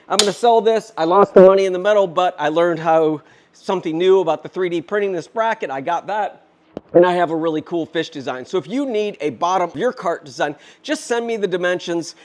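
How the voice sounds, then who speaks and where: Hurried, higher-voiced fifty-year-old man. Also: a little mellow. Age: 50s. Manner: rushed and chatty, talking while lifting and handling the cart. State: out of breath. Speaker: DIY maker and channel host. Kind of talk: hurried casual vlog.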